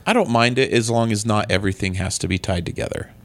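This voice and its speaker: Low gravelly-voiced man, casual podcast chat. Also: quick pace. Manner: easygoing, speculative, jokey. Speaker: podcast co-host.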